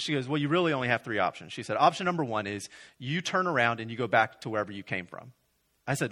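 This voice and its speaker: A young man from Florida tells a comic story to an audience. His voice sits at a middle pitch but swings up sharply when he plays his own outraged replies. He acts out each person in the story as he goes. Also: quick pace. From Florida, USA. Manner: animated, acts out both sides of a conversation. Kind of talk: stand-up storytelling.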